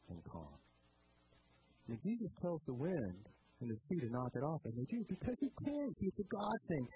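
A male pastor giving a sermon, telling the story in a lively way with many repeated words and restarts. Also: sits high. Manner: animated storytelling, rising to loud excitement. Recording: dull lo-fi sound with faint noise.

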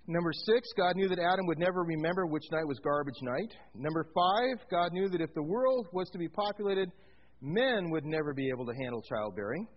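A man's voice: a little high, a little fast, lo-fi sound. A man preaching a sermon, walking his congregation through a Bible passage, putting questions to them and slipping in jokes. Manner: animated, asks the congregation questions, tells jokes. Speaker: pastor.

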